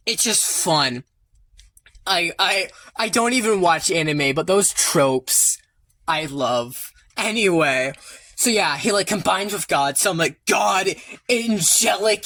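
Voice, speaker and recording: A man talks through his story ideas in a quick, rambling stream, tripping over himself with excitement and swearing freely. His voice is bright and forward. The close mic sounds dry, with no room around it. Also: sits high, dry recording. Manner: rambling, excitable, swears often, shouts when worked up. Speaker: creator rambling about his original characters. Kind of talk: excited casual monologue.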